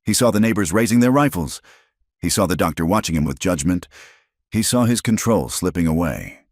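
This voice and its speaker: A man narrating a story in a very deep, low voice. His delivery is steady and dramatic. The recording is dry and close. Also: a little fast, no room sound. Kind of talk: scripted narration.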